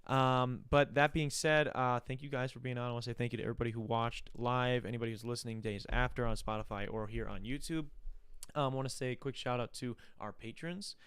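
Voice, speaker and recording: A man hosts a laid-back podcast and talks quickly, with a smooth, clear voice. He rambles through stories with plenty of fillers, and the studio mic sounds close and dry. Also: medium pitch, steady tone, fairly bright tone, no echo. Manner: loose, rambling storytelling with many fillers. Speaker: podcast host. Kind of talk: casual chat.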